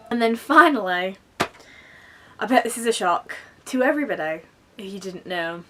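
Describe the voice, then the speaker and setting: A young woman chatting to camera about books she is excited for, in a gushing, excitable way full of fillers. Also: mid-range voice, far from the mic. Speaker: book vlogger. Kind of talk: casual chat to camera.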